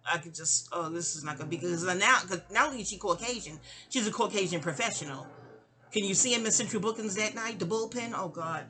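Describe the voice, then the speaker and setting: A woman's voice: medium pitch, fast talker, bright, forceful tone. A young woman casually telling a personal story, chatty and digressive, often trailing off into asides. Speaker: audio diarist.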